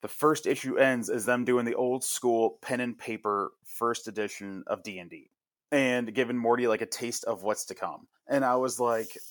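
Male podcast host, chatty and animated storyteller, mid-range voice, dry booth sound. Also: medium pitch, moderate pace, dry recording. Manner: animated storytelling with frequent fillers. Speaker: podcast host reviewing a comic. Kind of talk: casual podcast chat.

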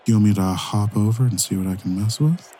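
A scheming AI hacker companion from a tabletop game, as a man puts it on. It murmurs low and hushed, its tone mellow and soft-edged. It plots quietly, almost conspiratorially. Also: brisk, breathy edge, soft background music. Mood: sly. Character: sly AI hacker companion program.

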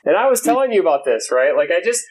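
A man's voice: high-pitched, fast talker, poor audio. A man telling a story in casual podcast chat, swearing freely and acting out what his friend said. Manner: animated storytelling, mimics friend, swears often.

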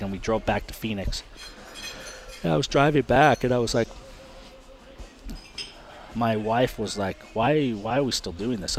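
Low-voiced male guest, candid and unpolished, restarts often over faint music. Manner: frank, repeats words and restarts, swears. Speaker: guest, retired race car driver. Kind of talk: candid interview storytelling.

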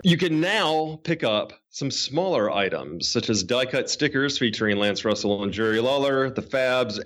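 A man's voice: mid-range voice, a bit bright. A man hosting a wrestling podcast, joking casually and reading ads. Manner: joking, chatty, with fillers. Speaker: podcast host. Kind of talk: casual podcast chat and ad read.

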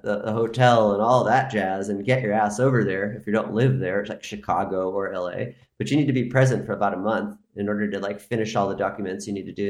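A man speaking as a podcast guest in casual chat, telling a long rambling story full of "like". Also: fairly low pitch. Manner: rambling storyteller, heavy use of filler "like". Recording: roomy echo.

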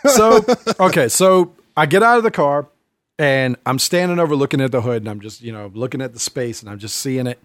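A man's voice: medium pitch, a little fast, no room sound, studio quality. A man telling a long personal story in a casual podcast chat, rambling with many fillers and restarts.

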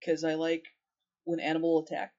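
A woman co-hosting a podcast in casual chat, speaking haltingly with some laughs. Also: low-pitched, completely flat delivery, warm tone. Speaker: podcast co-host. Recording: dull lo-fi audio.

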